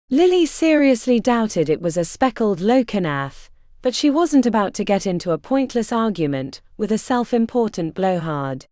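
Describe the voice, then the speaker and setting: A woman reading a fantasy novel aloud with lively, rolling intonation. Her timbre is dark and mellow, and the close, dry studio sound leaves no room echo at all. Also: mid-range voice, normal speed. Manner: expressive storytelling. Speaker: audiobook narrator. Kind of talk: scripted narration.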